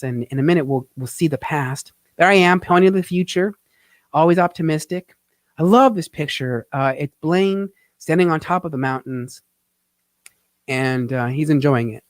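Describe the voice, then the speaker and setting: A man hosting a live show, narrating over his travel photos in an earnest, reflective way, pausing often with fillers and getting emotional. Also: fairly high pitch, dry recording, studio quality. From Phoenix, Arizona. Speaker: host, tax teacher.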